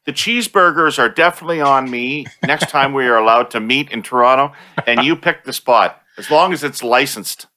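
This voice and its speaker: A man hosting a podcast, chatting casually and reading a sponsor spot, jokey and quick to laugh. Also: medium pitch, sharp tone. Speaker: podcast host.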